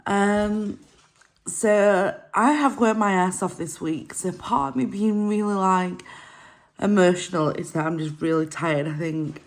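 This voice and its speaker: Woman vlogger, tearful and rambling, unhurried, mid-pitched, talking to camera in her van. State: crying. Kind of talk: casual vlog to camera.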